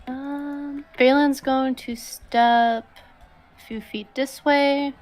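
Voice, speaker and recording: A woman's voice: high voice, fairly even intonation, very slow. A woman playing in a tabletop game, casually describing her character's actions in the third person. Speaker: player. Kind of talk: tabletop role-play.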